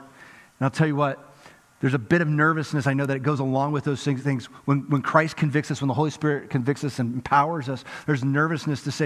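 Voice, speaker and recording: A middle-aged male pastor preaching a sermon, swinging from lively emphasis to hushed intensity. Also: medium pitch, fairly quick. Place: large church hall. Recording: reverberant church hall.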